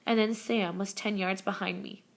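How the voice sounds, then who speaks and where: A woman's voice: mid-range voice, moderate pace, creaky. Woman reading a novel aloud. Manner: steady reading with small self-corrections. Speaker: reader. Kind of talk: audiobook narration.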